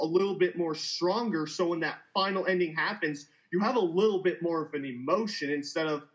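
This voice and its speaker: Casting: higher male voice, blunt and loose co-host, filler-heavy chat. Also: a bit bright, poor audio. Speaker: podcast co-host. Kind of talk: casual film discussion.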